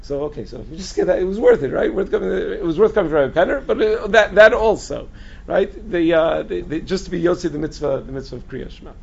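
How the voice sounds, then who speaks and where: Gravelly-voiced rabbi giving a lecture. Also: male voice, sits high, lively intonation, fast talker, muffled recording. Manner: asks the audience questions and answers them himself; restarts and repeats words often. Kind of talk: Torah lecture to a group.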